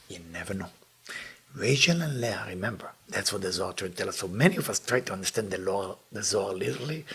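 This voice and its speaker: Animated, gravelly male Kabbalah teacher. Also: lowish voice. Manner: animated, emphatic storytelling. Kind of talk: lesson with storytelling.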